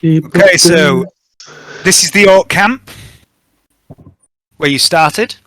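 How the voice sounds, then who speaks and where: A man's voice: high-pitched, takes it slowly, dry recording. A man narrating a tabletop role-playing game as game master, in a casual, loose way. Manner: casual, relaxed narration with fillers.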